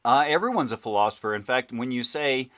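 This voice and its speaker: A man's voice: medium pitch, animated, a little fast, a bit bright. A man on a panel stream, explaining his points in a matter-of-fact way. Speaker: debate guest. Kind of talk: casual panel chat.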